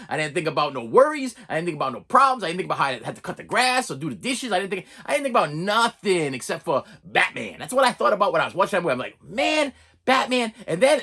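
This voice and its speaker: A man with a husky, slightly breathy voice rambles through a casual monologue for his movie channel. His pitch swings up and down a lot as he stumbles over repeated words, restarts his sentences and chuckles as he goes. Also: sharp tone. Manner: chuckles between phrases. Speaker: movie review channel host.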